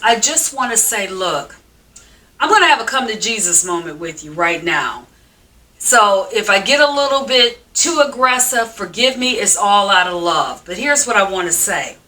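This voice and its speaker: A middle-aged woman hosts her own show, speaking frankly and emphatically straight to her viewers. Her voice sits a little high and comes across bright and forceful. She sounds a bit distant from the mic. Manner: frank, emphatic, preacherly, calls viewers sis. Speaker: show host. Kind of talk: direct-to-camera motivational talk.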